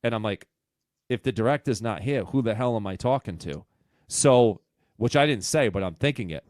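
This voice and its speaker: A comedian with a New England accent telling a profane, self-mocking story on a podcast. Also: male voice, mid-range voice, lively intonation, normal speed, a little mellow, no echo, studio quality. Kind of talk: casual storytelling chat.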